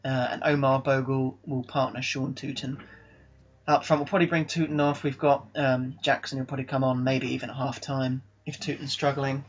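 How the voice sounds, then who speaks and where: A man giving live commentary over his own football video game session, excitable and exasperated one moment, calmly running through his team the next. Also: mid-range voice, normal speed, slightly rough. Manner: excitable, exasperated, swings between disbelief and calm team talk. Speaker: gaming YouTuber. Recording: slightly dull lo-fi mic.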